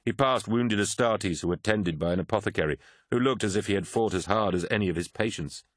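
A man narrates an audiobook in a very low, deep voice. His reading is measured and grave. The sound is dry and close to the mic, with no room around it. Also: no room sound. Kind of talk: scripted narration.

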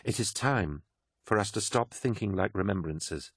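A man reading an audiobook, voicing a woman prophet who speaks calmly and with certainty, solemn and resolute. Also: lowish voice, moderate pace, husky, dry recording, studio quality. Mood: resolute, fervent.

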